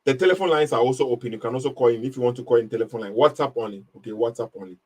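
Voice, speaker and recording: A man's voice: mid-range voice, very fast. A man hosting a live online debate, talking emphatically and mocking the caller's argument. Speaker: live stream host. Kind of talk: casual live debate commentary.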